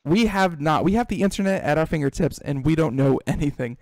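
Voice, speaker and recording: A man's voice: fairly high pitch, expressive, fairly quick, a little mellow, no room sound. A man hosting a tech talk show, chatting casually and animatedly with frequent restarts and repeated words. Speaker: radio show host.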